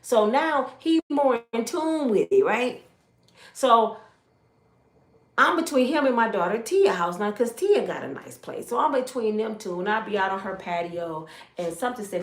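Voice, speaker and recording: A woman in her fifties telling her life story as a testimony, acting out the voices of others and swinging from loud exclamations to hushed asides. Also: mid-range voice, normal speed. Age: 50s. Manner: animated, acts out others' voices in quotes. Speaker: YouTube storyteller. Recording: roomy echo.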